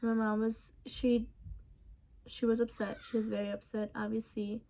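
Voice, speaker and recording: A young woman in a casual storytime vlog, recounting events softly with many ums and restarts. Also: a little high, flat delivery, normal speed, creaky. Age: young adult. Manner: casual, soft-spoken storytelling with many fillers. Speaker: vlogger.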